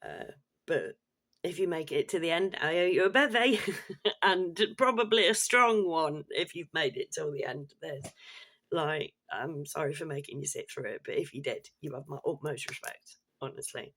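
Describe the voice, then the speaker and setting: Woman vlogger, angry sweary rant, blunt and loud, laughs now and then. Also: low voice, moderate pace. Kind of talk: ranting commentary vlog.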